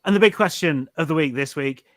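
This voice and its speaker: A man hosting a podcast, chatting in a relaxed, steady way. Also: on the high side, fairly quick, faint music behind. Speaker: podcast host. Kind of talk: casual chat.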